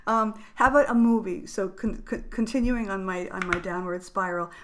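A woman's voice: mid-range voice, fairly even intonation, normal speed, background noise. A woman in her fifties co-hosting a podcast, telling personal stories in a casual, chatty way with frequent laughter. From New York. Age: 50s. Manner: chatty, storytelling, laughs often. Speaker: podcast co-host. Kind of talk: casual chat.

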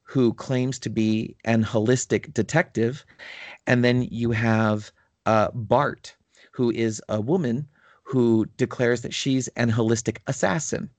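A man's voice: mid-range voice, fairly even intonation, takes it slowly, dry recording. A man in casual podcast chat, telling a long story with enthusiasm and many fillers. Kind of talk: casual chat about tabletop gaming.

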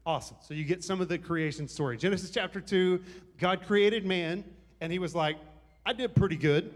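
A pastor preaches his sermon loosely and conversationally, cracking jokes with the congregation along the way. His voice runs a bit high for a man, he speaks briskly, and the audio carries a large hall's long reverb.

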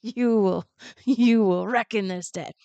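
A woman's voice: mid-range voice, slow pace, warm tone, dry recording, dull audio. A woman voicing a spoiled, haughty young woman who talks grandly and looks down on others, as part of a story retelling.

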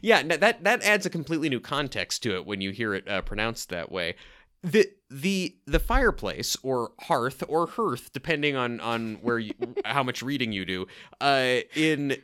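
A man's voice: mid-range voice, big pitch swings, normal speed, bright, forceful tone, clear, resonant tone. A man co-hosting a podcast, chatting casually in a rambling, self-correcting way and laughing often. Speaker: podcast co-host. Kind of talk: casual chat.

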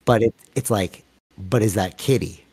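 A man's voice: on the low side, moderate pace, darkish tone, husky. A man in his thirties hosting a casual podcast chat, talking with lots of energy and many "like"s and "you know"s. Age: 30s. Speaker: podcast host.

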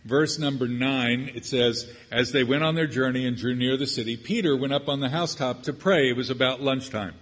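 A man's voice: medium pitch, brisk, hardly any pauses, a bit bright. An older man preaching a sermon, with joking, conversational asides as he teaches from scripture. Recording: long hall reverb.

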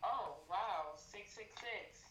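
A woman's voice: medium pitch, takes it slowly, fairly bright tone. A woman calling in by phone, chatting casually and teasing. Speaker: caller, host's partner. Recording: noisy phone call.

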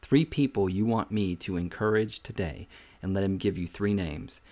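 A man's voice: sits low, normal speed, mellow. A man hosting a devotional podcast, preaching informally in an earnest, exhorting way, repeating phrases for emphasis and often saying "man". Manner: conversational, often says "man". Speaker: podcast host giving a devotional.

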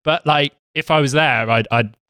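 A man from Derby with a softened Northern English accent, chatting casually and filling his talk with "like". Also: fairly high pitch, normal speed, no room sound, clean studio sound. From Derby, England. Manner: chatty, lots of "like", swears casually. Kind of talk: casual chat.

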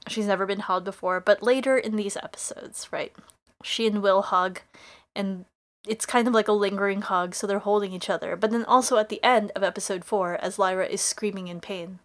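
A woman co-hosting a podcast talks about a series in casual chat. Her voice is mid-pitched. She gushes over favorite moments and gets openly emotional. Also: steady tone. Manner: gushing, emotional, quick asides. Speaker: podcast co-host. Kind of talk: casual chat, recapping a TV show.

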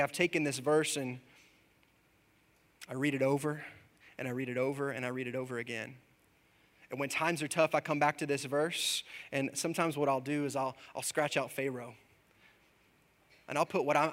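A man preaching a sermon, dropping soft and low, then building to loud, rising peaks, and reading scripture slowly. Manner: reads scripture aloud slowly.

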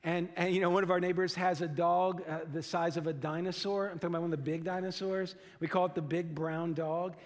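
A man with a notably high speaking voice delivers a heartfelt sermon from the pulpit. He leans hard on key phrases and slows down to drive them home, often repeating a word as he goes. His voice rings out with the long reverb of a church sanctuary. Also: little pitch movement. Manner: earnest, emphatic preaching with slow stressed phrases and frequent repeated words. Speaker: pastor.

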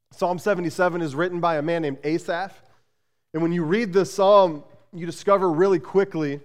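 Male pastor, sermon, higher-pitched and smooth, loose conversational delivery full of restarts, echoing church sanctuary. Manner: conversational, repeats "like" and restarts often. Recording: long hall reverb.

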